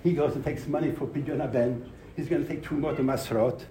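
A man giving a Torah class to a live audience, telling a story with lively emphasis, repeating phrases and using Hebrew terms. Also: medium pitch, quick pace, a little hiss or hum, low-quality recording.

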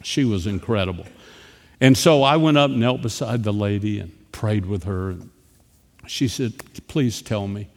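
A man preaching a sermon, telling a personal story and moving between quiet, hushed passages and emphatic ones. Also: on the low side, a little slow, in a large hall.

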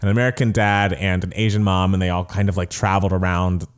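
A man with a fairly low voice co-hosts a relaxed chat podcast. He talks in a chatty, giggly way and gushes about things he loves. His delivery is easygoing and conversational. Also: clear, resonant tone. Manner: chatty, giggly, quick to gush. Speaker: podcast co-host. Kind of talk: casual chat.

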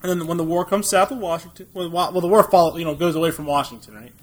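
A man's voice: on the high side, quick pace. A young American man co-hosting a podcast, chatting casually about movies with a rambling, jokey manner and frequent laughs. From United States. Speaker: podcast co-host.

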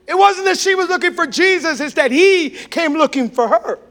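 A male pastor giving a sermon, swinging between impassioned shouts and hushed, intimate tones. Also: very high-pitched, lively intonation, normal speed.

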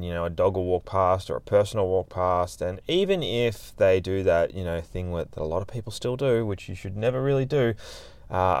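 A man's voice: low voice, a little mellow, no room sound. A man hosting a podcast, telling a story in a chatty, laid-back way. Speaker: podcast host, dog trainer. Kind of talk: casual storytelling monologue.

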